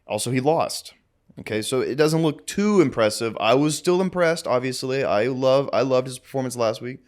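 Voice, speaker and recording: A man's voice: mid-range voice, expressive, normal speed, a little mellow. A young man co-hosting a casual sports podcast, brash and profane, trash-talking a rival team. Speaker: podcast co-host.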